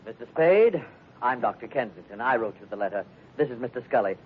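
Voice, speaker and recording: A man playing a pompous, fussy doctor who lectures in a lively, swooping voice full of hems and haws. Vintage radio drama acting through a tinny old broadcast, a faint rumble underneath. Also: a little fast, close to an everyday voice. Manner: pompous, hesitant with uh's. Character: fussy, smooth-talking male doctor, pompous.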